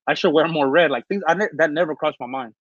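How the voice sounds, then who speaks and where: A man from Northern California tells his story fast in a casual interview, with fillers, restarts and slang. His voice sits a bit high, and he clears his throat now and then while getting over an illness. The recording is dull and lo-fi, close and dry. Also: no echo. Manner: rambling, many fillers and restarts, street slang. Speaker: interview guest.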